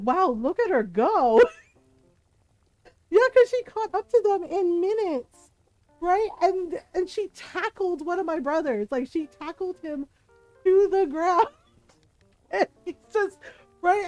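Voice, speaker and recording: A high-pitched woman tells a story in a loose, chatty way, breaking into laughter and acting out the lines of people she quotes. Her voice sounds close and dry, and soft music plays quietly behind her. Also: a little slow, long pauses, no echo, low-quality recording. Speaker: streamer. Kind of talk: casual storytelling on a livestream.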